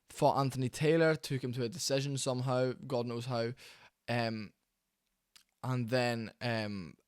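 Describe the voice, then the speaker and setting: At home in a warm room, a man with a medium-pitched voice offers candid, opinionated boxing commentary that rambles along with plenty of fillers and restarts. The recording is dry and studio quality.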